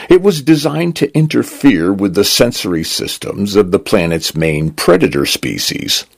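A man who hosts and narrates, reading a story aloud in a slow, measured storytelling manner. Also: sits low, gravelly, slightly rough, no room sound. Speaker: host and volunteer narrator.

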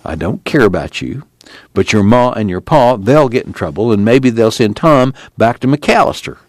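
A man reading aloud and voicing a rebellious rural ex-preacher who talks in a folksy drawl, calm and defiant. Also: mid-range voice, normal speed, no echo, close to an everyday voice. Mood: firm. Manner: folksy rural drawl, firm and plain-spoken.

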